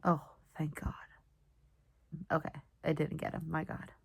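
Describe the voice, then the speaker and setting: A woman's voice: low-pitched, monotone, measured pace, creaky, breathy edge. A young woman vlogging as she reads, reacting emotionally and often dropping into a whisper while she retells the plot loosely. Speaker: book vlogger. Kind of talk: casual reading-vlog commentary.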